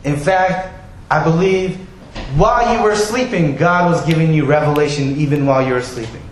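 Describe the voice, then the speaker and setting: A man preaching a sermon, telling Bible stories in a lively way and acting out the characters' lines. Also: on the high side, normal speed, slight background noise. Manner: animated storytelling, acts out quoted voices. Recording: very echoey hall, faint ambience.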